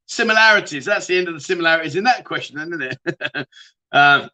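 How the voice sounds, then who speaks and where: A middle-aged man hosts a casual livestream and reads out comments from his viewers, ribbing them and laughing along as he goes. His voice sits a little high for a man and sounds bright and forward. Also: animated, fast. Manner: chatty and jokey, banters with viewers. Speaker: livestream host.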